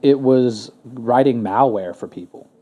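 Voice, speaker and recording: A man's voice: medium pitch, a little slow, dark tone, dull audio. A man co-hosting a podcast in casual chat, rambling and swearing with lots of fillers and restarts. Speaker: podcast co-host.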